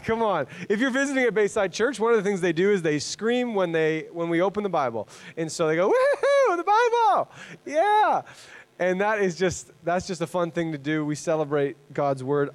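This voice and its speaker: A man from Canada, a guest preacher in his thirties, opening his sermon in a chatty, rambling, self-deprecating way with many fillers. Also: high voice. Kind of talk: casual sermon introduction.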